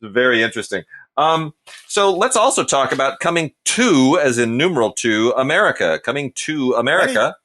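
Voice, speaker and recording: Man, 40s, bright tone, emphatic, opinionated, casual podcast chat. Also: mid-range voice, big pitch swings, normal speed. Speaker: podcast co-host.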